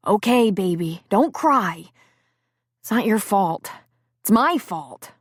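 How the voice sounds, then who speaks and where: A woman's voice: mid-range voice, animated, slow pace, husky, no room sound, studio quality. A woman voicing an anxious young man who talks earnestly and tries to soothe his girlfriend. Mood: soothing. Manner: earnest, soothing, a little shaken. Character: guilty, anxious young man, gentle with her.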